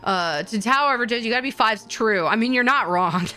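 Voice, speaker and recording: Brief: young woman streamer with a sharp, bright voice, a bit high, chatting casually and excitably. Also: moderate pace. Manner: rambling and excitable, full of fillers, jumps into high squeals. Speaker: VTuber streamer. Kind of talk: casual stream chat with viewers.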